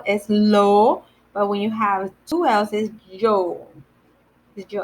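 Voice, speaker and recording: A woman teaching animal words to children in a slow, patient lesson, repeating each word and spelling it out letter by letter. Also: medium pitch, a bit bright. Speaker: day camp Spanish teacher.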